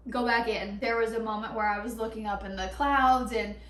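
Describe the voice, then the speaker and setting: A young woman telling a story in a casual vlog, chatty and animated, with lots of "like" and quick laughs. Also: on the high side, far from the mic. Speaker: vlogger. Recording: echoey room, a bit off-mic.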